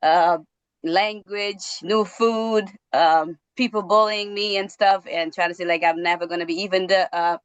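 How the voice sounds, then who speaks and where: A woman with a slightly low voice speaks earnestly as a guest teacher, laughing between phrases. The recording is dry and muffled. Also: steady tone, measured pace, clear, resonant tone, no room sound. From Cape Verde.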